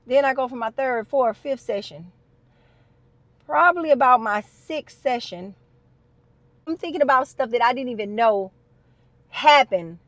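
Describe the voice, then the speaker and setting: Chatty high-voiced woman telling a story. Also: moderate pace, no room sound, highs cut off. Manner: animated, chatty, addresses viewers as y'all. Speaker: storyteller vlogger. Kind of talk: casual story time.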